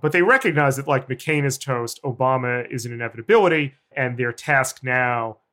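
A man, a journalist guest, giving long, deliberate analytic answers in an interview. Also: medium pitch, fairly bright tone.

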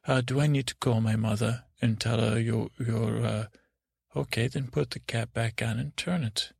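A man's voice: medium pitch, steady tone, moderate pace, creaky, husky, no room sound, clean studio sound. A man hosting a podcast, improvising a bedtime story in a rambling, meandering way. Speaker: storyteller host.

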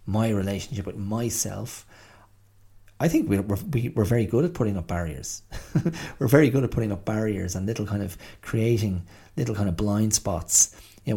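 A middle-aged man talks through his thoughts alone on a podcast, circling back and restarting as he goes. His voice sits low and dark with a gravelly, husky edge. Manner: thoughtful, hesitant, many restarts and fillers. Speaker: podcast host. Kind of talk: reflective solo monologue.

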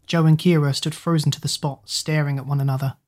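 A woman narrating a children's storybook, reading the narration between lively character lines. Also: low voice, fast. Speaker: audiobook narrator.

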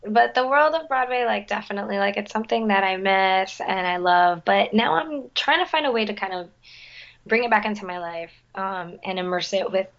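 A woman's voice: medium pitch, moderate pace, a bit bright. Chatty woman, slightly muffled recording. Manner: chatty, lots of fillers and restarts. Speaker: guest, musical theater performer. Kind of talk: casual chat.

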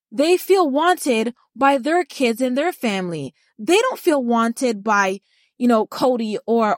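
A woman's voice: high voice, no echo, clean studio sound. A woman co-hosting a podcast, giving a blunt, heated recap rant and swearing freely. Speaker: podcast co-host. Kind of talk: casual reality-TV recap rant.

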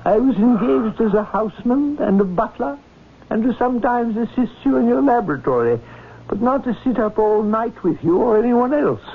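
A man's voice: extremely high pitch, animated, moderate pace, vocal fry, husky, full character voice. An actor playing a stiff male butler who is clipped and coldly polite, in a 1970s radio drama. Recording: tinny old radio broadcast.

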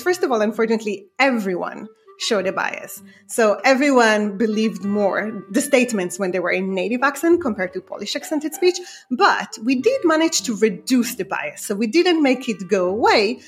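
A woman researcher with a non-native accent, explaining her study step by step in an interview. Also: on the high side. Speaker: researcher guest.

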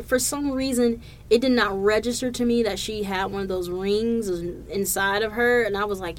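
A woman hosting her own podcast, telling stories in a profane, animated, laughing way. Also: medium pitch, moderate pace, few pauses. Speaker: podcast host. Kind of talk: casual solo podcast storytelling.

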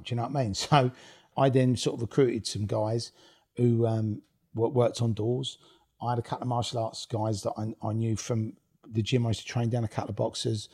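He delivers his lines flatly and a little fast, at a medium pitch with a dark, breathy tone. A one-time rave promoter, he's the guest in a casual interview, telling blunt stories with plenty of swearing and laughing throughout.

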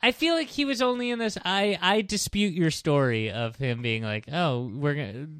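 Smooth, clear man, skeptical co-host, gripes a lot, dry sound. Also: high-pitched, lively intonation, normal speed, a bit bright, dry recording. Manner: skeptical, complaining, sighs. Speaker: podcast co-host. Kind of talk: casual chat.

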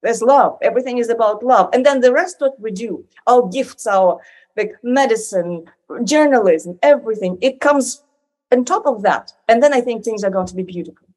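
A woman's voice: on the high side, expressive, moderate pace, darkish tone. A woman speaking in a conversational interview, rambling and full of "like" fillers and restarts.

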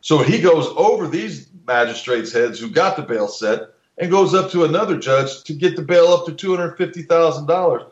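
A man's voice: on the high side, animated, moderate pace, hardly any pauses, roomy sound, dull audio. A man in casual podcast talk, blunt and opinionated, swearing freely and restarting his sentences.

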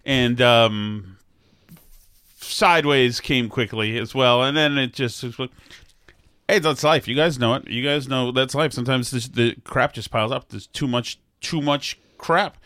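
A man's voice: mid-range voice, unhurried, fairly bright tone, no room sound, clean studio sound. A man co-hosting a podcast in casual, teasing banter, often restarting his sentences. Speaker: podcast co-host.

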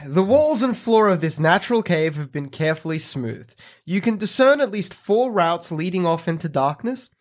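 A man with a fairly high voice runs a tabletop game as game master. He describes rooms and monsters in an easy narrating tone, breaking into laughter between lines.

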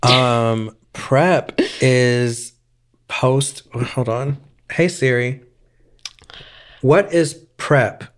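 A man co-hosting a chatty podcast, voice pitched right in the middle of the male range. He talks in a campy, opinionated way and drops deadpan asides. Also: drawn-out words, long pauses. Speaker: podcast co-host. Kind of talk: casual chat.

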